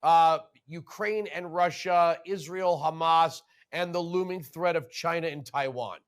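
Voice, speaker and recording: Brief: male TV host, fairly high voice, quick sarcastic questions. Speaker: talk show host. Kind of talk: political talk show interview.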